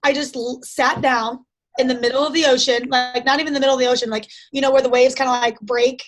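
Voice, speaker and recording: A young woman with a high voice talks in a relaxed, chatty way. She is an interview guest telling stories and drops "like" into most of her sentences. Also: fast talker. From United States. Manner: chatty storytelling, frequent "like" fillers. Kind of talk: casual conversation.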